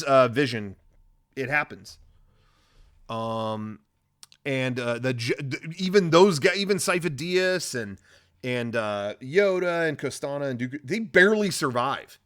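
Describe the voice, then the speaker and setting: Podcast host, male, mid-pitched, slangy and profane, loose rambling storytelling. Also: a bit bright. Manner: rambling, profane, slangy retelling with quoted voices. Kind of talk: casual comedic recap.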